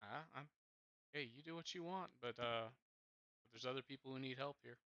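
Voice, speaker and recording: Guy player, bright smooth voice, defending his take. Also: mid-range voice, normal speed, no echo, highs cut off. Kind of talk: casual tabletop game chat.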